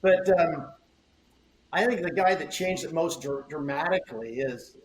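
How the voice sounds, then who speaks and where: An older man with a fairly high voice tells shop stories in a loose, rambling way, doubling back on words and playing out old conversations. He sounds like a craftsman talking shop as a podcast guest. The room around him is echoey, with faint ambient hiss underneath. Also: a little slow. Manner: rambling, repeats words, acts out quoted exchanges. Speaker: surfboard shaper, podcast guest. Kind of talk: casual interview storytelling. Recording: roomy echo, faint ambience.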